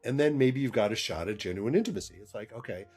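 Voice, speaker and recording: A man's voice: medium pitch, expressive, fast, a little mellow, husky, soft background music. A man speaking as a therapist guest, explaining ideas earnestly in conversation and laughing between points.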